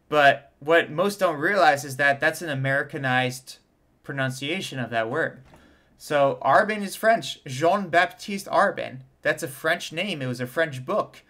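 A man's voice: on the high side, pushed and bright. A man, a trumpet teacher, reacting to an interview in a casual explanatory way and sounding out vowels and tonguing syllables as examples. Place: home studio in front of a camera.

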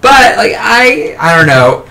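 A man's voice: high-pitched, very animated, slow, vocal fry, bright, forceful tone. A man co-hosting a casual comic book podcast, rambling through a plot recap with lots of fillers and laughter. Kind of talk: casual chat.

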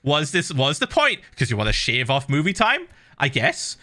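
A man streams a game while ranting animatedly, swearing a lot in an exasperated, casual way. His voice is high and sing-song with a sharp tone, at normal speed, the kind of casual chat you hear on gaming streams.

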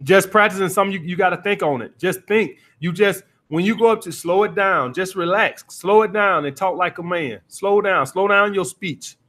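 A man's voice: sits high, moderate pace, few pauses, a bit bright. A man coaching callers on dating, lecturing bluntly and cursing freely. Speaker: dating coach taking calls. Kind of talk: call-in advice show.

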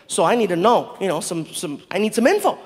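High-voiced man doing animated stand-up. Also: fairly quick, long reverb tail. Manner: animated, acts out the people in his story. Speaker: stand-up comedian. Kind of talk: stand-up storytelling.

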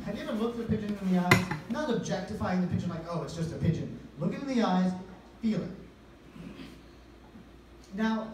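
Awkward young comic in an echoey room. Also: male voice, high-pitched. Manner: awkward, hesitant delivery with many restarts. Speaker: stand-up comedian. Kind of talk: stand-up comedy set. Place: comedy venue. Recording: echoey venue from far off, noisy.

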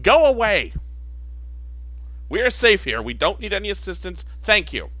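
Grumpy, defensive male android, loud and higher-pitched, put on by a man over slightly lo-fi audio. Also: very animated, measured pace, dry recording, full character voice. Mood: irritated.

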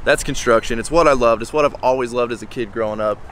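A man's voice: medium pitch, quick pace, fairly bright tone, slight background noise. A man in his twenties, a contractor, talking candidly and bluntly in a casual vlog, swearing now and then. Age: 20s.

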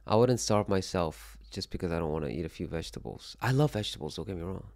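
A man's voice: deep voice, quick pace. A young man from Korea hosting a casual solo show, rambling and joking with frequent swearing. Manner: rambling, animated, swears freely, jokey. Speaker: livestream host. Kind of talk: casual chat reacting to chat.

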